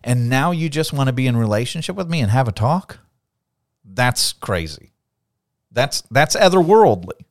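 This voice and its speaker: A man talks through a Bible passage in a relaxed conversational way, often slipping into quoted voices and restarting phrases. His pitch swings widely as he talks. The sound is dry and close. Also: moderate pace, dry recording. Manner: animated, acts out quotes, repeats words. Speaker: podcast co-host. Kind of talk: casual Bible discussion.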